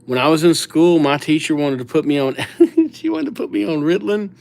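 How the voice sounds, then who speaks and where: A man's voice: on the high side, big pitch swings, a little fast, gravelly, darkish tone. Chatty young man on a livestream. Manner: chatty, self-mocking, reads viewer names aloud, acts out little scenes. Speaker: livestream calligrapher. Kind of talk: casual livestream chat with viewers.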